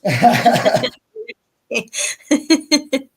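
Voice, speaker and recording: A man's voice: very high voice, huge pitch swings, very slow, roomy sound, background noise. A man with a Northeast Scottish accent chatting as a guest on a video call, telling stories and laughing often. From Northeast Scotland. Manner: chatty storyteller, laughs often, uses Scots words like wee. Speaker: guest, whisky ambassador. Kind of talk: casual chat over a video call.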